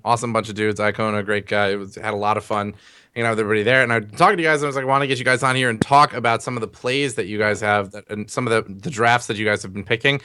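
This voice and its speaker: A man's voice: fairly low pitch, sharp tone, smooth, no room sound. A tired man co-hosting a gaming show, friendly and chatty as he talks strategy. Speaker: co-host and esports caster. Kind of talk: casual gaming show chat. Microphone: video call.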